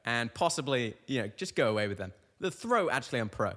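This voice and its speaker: A young male stand-up comedian delivering a rambling, deadpan comic monologue that trails off and restarts mid-thought. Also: medium pitch, fast talker. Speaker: stand-up comedian, podcast host.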